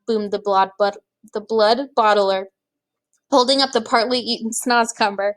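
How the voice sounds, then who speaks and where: A woman reading a children's book aloud, with expressive, measured storytelling. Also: a little high. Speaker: reader.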